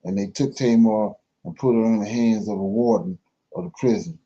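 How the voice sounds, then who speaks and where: Dark-voiced man reading scripture slowly. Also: fairly low pitch, lo-fi sound. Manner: slow, careful reading with pauses and self-corrections. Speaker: scripture reader in a Bible study.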